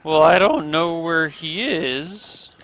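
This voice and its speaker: A man's voice: slow pace, fairly bright tone. A man doing a doddery old gnome wizard. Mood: kindly, doddery. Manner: high quavering doddery old voice. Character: very old tiny male gnome wizard, kindly.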